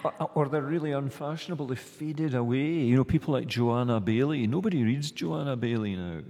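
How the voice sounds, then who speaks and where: A man's voice: mid-range voice, fairly quick, mellow. A male academic speaking on a panel, hesitant and full of restarts. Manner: hesitant, many restarts and fillers. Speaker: guest academic. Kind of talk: panel discussion. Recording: long hall reverb.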